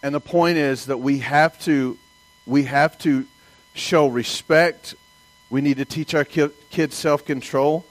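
A man's voice: a little high, fairly even intonation, takes it slowly, no room sound, poor audio. A man from the American South with a Southern accent, preaching a sermon in a folksy storytelling way and asking the congregation for amens. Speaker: pastor.

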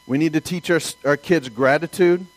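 A man's voice: on the high side, normal speed, rough recording. Folksy Southern preacher man. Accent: Southern American. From American South. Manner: folksy storytelling, calls for amens. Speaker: pastor. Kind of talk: sermon.

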